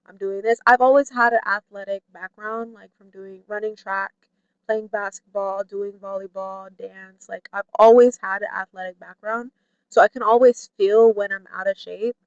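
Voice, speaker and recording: A woman vlogger talking candidly to camera in a chatty way, full of "like" and "you know", who mimics her friends in a high playful voice. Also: fairly even intonation, moderate pace, clear, resonant tone, no echo, muffled recording. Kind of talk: candid personal talk to camera.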